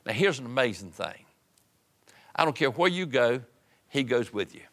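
A middle-aged preacher delivering a sermon with a bright, ringing tone. He drives through rhythmic lists of phrases, then drops to soft, hushed passages. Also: medium pitch, animated, normal speed, pauses often.

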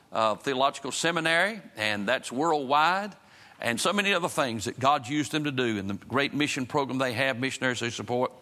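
A man's voice: mid-range voice, bright, forceful tone. A man preaching a sermon, moving from folksy storytelling to fervent preaching and prayer. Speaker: pastor.

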